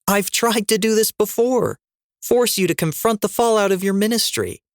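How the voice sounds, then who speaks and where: A man's voice: sits high, moderate pace, no room sound, clean studio sound, voice pushed up. A man voicing a fierce, defiant rebel woman. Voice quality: determined, cutting and sarcastic. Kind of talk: audiobook reading.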